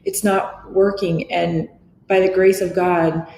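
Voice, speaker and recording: A woman's voice: on the low side, flat delivery, takes it slowly, gravelly, a little mellow. A middle-aged woman, a podcast guest, speaking earnestly and reflectively, often restarting her sentences. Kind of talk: candid interview talk. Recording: echoey room with faint noise.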